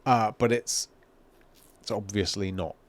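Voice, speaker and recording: A man's voice: lowish voice, unhurried, dry recording. A man co-hosting a gaming podcast, chatting casually and rambling through opinions with the odd swear. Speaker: podcast co-host. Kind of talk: casual chat.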